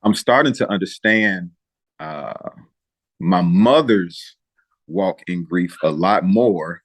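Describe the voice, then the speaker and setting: Deep-voiced man, emotional and halting. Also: expressive, creaky, dry recording. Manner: emotional, halting, with frequent pauses and restarts; preacher-like encouragement to listeners. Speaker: interview guest. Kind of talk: earnest interview talk.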